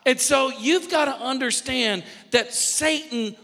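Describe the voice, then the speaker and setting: A man preaching as pastor, repeating phrases and building to emphatic shouts. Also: extremely high pitch, slow pace, vocal fry, in a large hall. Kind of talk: sermon.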